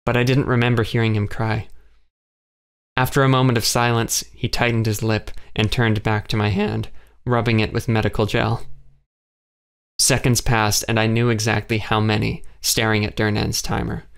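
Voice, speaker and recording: A man narrating an audiobook in the first person, in a measured, even way. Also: fairly low pitch, gravelly, clean tone.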